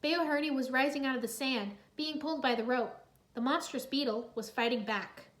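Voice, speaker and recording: High-voiced woman reading a storybook. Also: normal speed. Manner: lively, expressive reading. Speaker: narrator. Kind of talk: storybook read-aloud.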